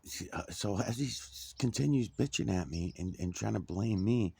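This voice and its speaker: A middle-aged man casually telling a personal story, swearing a lot and getting animated. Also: lowish voice, moderate pace, creaky, husky. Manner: profane, animated, indignant.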